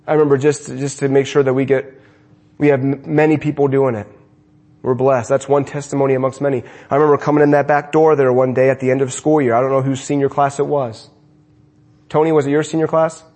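A man giving a sermon to his congregation in a church, preaching with animated swings between emphatic and hushed lines. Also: mid-range voice. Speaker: pastor. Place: church sanctuary.

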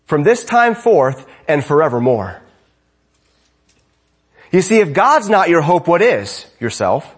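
A man's voice: on the high side, sing-song, moderate pace, slightly rough. A man preaching a sermon as pastor, conversational, often asking his congregation rhetorical questions.

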